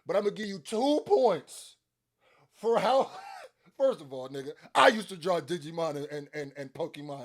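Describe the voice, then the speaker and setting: A young man with a slightly raised pitch runs a casual reaction video. He talks in an animated, excitable way. He laughs often and swears freely while judging rap lines. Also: normal speed. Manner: scores bars with playful points and deductions.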